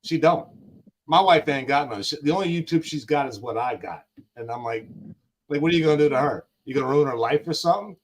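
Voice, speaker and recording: An older man who has grandkids speaks fast in a high-leaning voice, with slight background noise. As a guest on a casual live talk show for gig drivers, he gets heated and emphatic, using plenty of slang and repeating lines.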